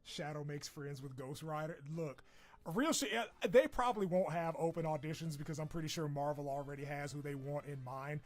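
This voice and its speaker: A man's voice: a little high, a little fast. A young man chatting casually on a stream in a loose, profane, jokey way, breaking into laughter. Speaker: streamer reacting to a character wishlist. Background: video game music playing.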